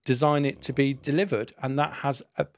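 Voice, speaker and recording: A man's voice: mid-range voice, level tone, brisk, creaky, no room sound. A man co-hosting a casual podcast, musing in a playful way. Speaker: podcast co-host.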